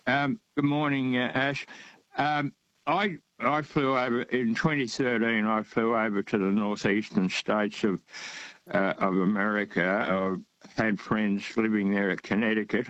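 Older aussie guy calling a radio show, low voice, rambly, lots of ums, dull dry line. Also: fairly bright tone, no echo. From Australia. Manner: hesitant, rambling, many fillers. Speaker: radio caller. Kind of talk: casual phone-in chat.

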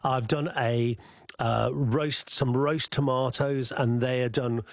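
A man's voice: mid-range voice, fairly even intonation, slow pace, no echo. A man with a Scouse accent, a chef chatting about cooking as a guest on a radio show, explaining at length with fillers and restarts. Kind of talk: casual cooking chat on radio.

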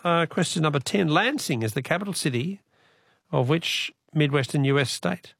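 Matey Australian talkback quiz host, slightly high gravelly voice, dry studio mic. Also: male voice, animated, moderate pace, fairly bright tone, no room sound. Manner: chatty, matey, reads texts aloud. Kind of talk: talkback radio quiz hosting.

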